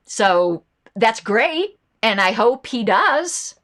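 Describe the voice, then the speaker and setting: A woman's voice: on the high side, very animated, extremely slow, fairly bright tone. A woman hosting a political commentary show, talking casually and reacting to viewer comments and ads. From United States.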